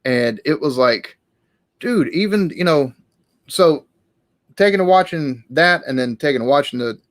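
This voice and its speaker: A man's voice: fairly high pitch, animated, measured pace, dry recording. A man hosting a casual live-stream Q&A, talking in a rambling, hesitant way with many restarts.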